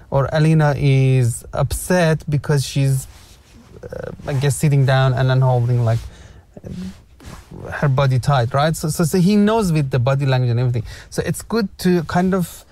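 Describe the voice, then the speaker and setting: A man's voice: fairly high pitch, dark tone, dry recording. A man hosting a casual parenting discussion, coaching the group with examples and practice prompts. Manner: coaching, gives examples and role-play prompts.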